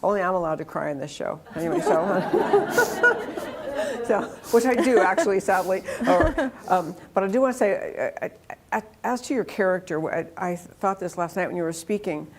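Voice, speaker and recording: A woman's voice: lowish voice, expressive, brisk, darkish tone, a little hiss or hum. A woman hosting an interview show, earnest and affirming, who comments at length in a rambling way. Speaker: talk show host. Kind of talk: conversational interview.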